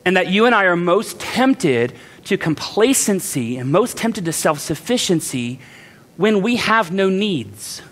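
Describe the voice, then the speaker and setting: A pastor preaches with a light, high-pitched man's voice. He keeps it conversational, jumps into character to act out the people in the text, and pokes fun at himself along the way. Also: sing-song, a little slow, fairly bright tone. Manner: conversational, self-deprecating asides. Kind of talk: sermon.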